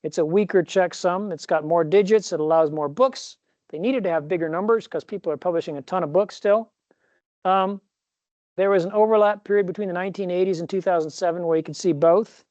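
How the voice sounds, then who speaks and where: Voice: medium pitch, fairly quick, a little mellow, dry recording. Rambling professor in a dull recording. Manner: rambling, self-correcting, jokey asides. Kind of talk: recorded classroom lecture.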